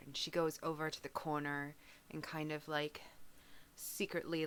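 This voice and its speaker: Woman player, low slow voice, bright tone, kinda soft. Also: little pitch movement, slight background noise. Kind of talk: narrating her character's actions.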